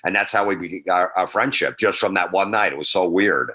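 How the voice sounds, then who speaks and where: Brief: male stand-up comedian guest, lower pitch, bright tone, animated storytelling. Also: a little fast. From New York. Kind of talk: casual anecdote telling.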